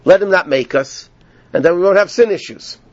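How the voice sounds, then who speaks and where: A man teaching a Torah class, telling stories with animated emphasis and peppering his talk with Hebrew learning terms. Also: high-pitched, brisk, no room sound, highs cut off. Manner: animated storytelling, rising with emphasis, Yiddish-inflected learning terms. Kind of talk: Torah lecture.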